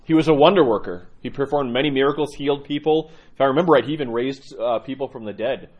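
Man, catechism teacher, earnest, emphatic, repeats for emphasis, middle-pitched voice. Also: quick pace, lo-fi sound. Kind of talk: catechism lecture.

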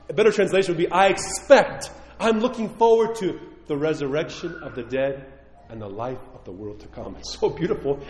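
A man preaching a sermon as a priest, telling a story earnestly and dropping to hushed closing phrases. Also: a little high. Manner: earnest storytelling with rising emphasis and hushed endings. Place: church. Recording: echoey church hall.

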